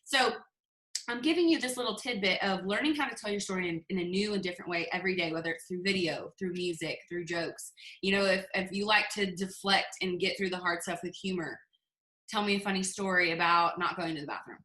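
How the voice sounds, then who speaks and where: Chatty bright-voiced woman on a video call. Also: on the low side, fairly quick, roomy sound. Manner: chatty, animated storytelling with acted-out quotes. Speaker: team leader giving a sales training. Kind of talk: casual motivational talk on a video call.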